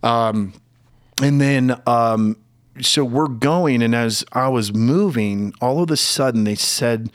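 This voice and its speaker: A middle-aged man tells a personal story in a candid, halting way, and his voice sometimes wavers with emotion. He sits close to the mic in a dry room with no echo. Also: medium pitch. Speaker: podcast guest.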